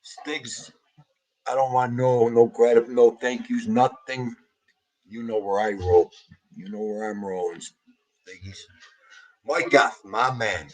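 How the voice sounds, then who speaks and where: A man's voice: medium pitch, steady tone, slow, long pauses, low-quality recording. A middle-aged man hosting a livestream, grieving and tearful as he greets viewers by name in a heartfelt way. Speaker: livestream host.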